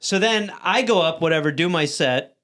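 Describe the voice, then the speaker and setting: A man's voice: on the high side, normal speed. A man co-hosting a podcast, telling a story in casual, profane talk and acting out the people he quotes. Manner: animated, profane, acts out quoted voices. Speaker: podcast co-host.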